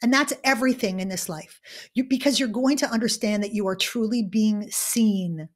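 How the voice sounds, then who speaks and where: A woman guest and keynote speaker telling a story in an interview, animated and dramatic, swinging between loud and hushed delivery. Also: mid-range voice, moderate pace.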